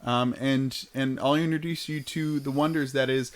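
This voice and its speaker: A man's voice: mid-range voice, steady tone, normal speed. A man co-hosting a podcast, rambling through a story in casual chat and laughing often. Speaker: podcast co-host.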